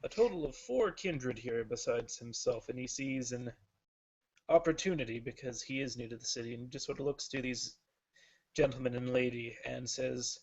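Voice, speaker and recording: A man's voice: mid-range voice, normal speed. Man steadily narrating his game character. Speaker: player. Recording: muffled lo-fi recording.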